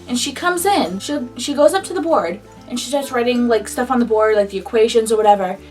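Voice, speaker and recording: A woman in her early twenties telling a casual storytime, animated and indignant, swearing freely. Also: on the high side, fairly quick, far from the mic, soft background music. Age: early 20s. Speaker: vlogger.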